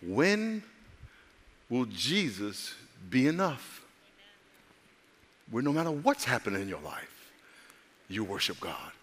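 A man's voice: mid-range voice, very animated, takes it slowly, long pauses, fairly bright tone, slightly rough, big-room sound. A male pastor preaching a sermon with humor, calling out to the congregation and voicing characters in his stories.

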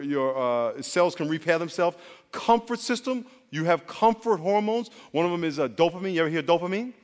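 A man preaching a sermon as pastor, animated and leading call-and-response with the congregation. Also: high-pitched. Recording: long hall reverb.

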